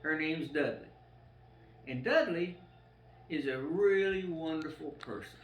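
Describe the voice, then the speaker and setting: A man's voice: fairly high pitch, unhurried, noisy background. An older man rambling through a personal story at home, full of fillers and swearing. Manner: rambling, profane, with many fillers. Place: a room at home. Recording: roomy echo, faint ambience.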